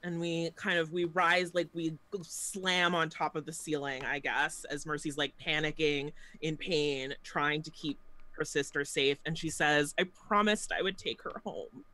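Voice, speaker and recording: A woman playing in a tabletop game, chatty and quick to laugh, describing her character's actions. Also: low voice, level tone, bright, forceful tone. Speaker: player. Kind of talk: casual tabletop play.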